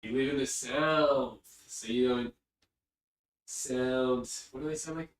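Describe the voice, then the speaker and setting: A man's voice: medium pitch, fairly even intonation, takes it slowly. A man streaming live and chatting casually, rambling and easily distracted, sitting far from his mic. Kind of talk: casual livestream chat. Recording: echoey room, distant mic.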